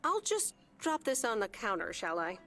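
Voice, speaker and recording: A woman's voice: medium pitch, very animated, moderate pace, sharp tone, faint music behind, voice pushed up. A woman voicing a practical, matter-of-fact woman who delivers parcels. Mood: dry. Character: dry, practical adult woman postal courier.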